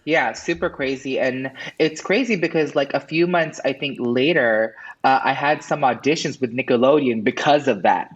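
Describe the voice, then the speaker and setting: A man's voice: normal speed, hardly any pauses, breathy edge. A man who is a guest on a casual podcast, telling stories with lots of acted-out quotes, swearing casually. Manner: animated storyteller, acts out quotes in high voices.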